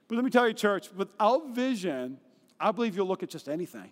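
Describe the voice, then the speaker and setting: In a church auditorium, a pastor with a strikingly high voice preaches a lively sermon at a slightly fast clip. He tells stories with animated energy, slipping into high voices to act out what people said, while a long reverb trails his words.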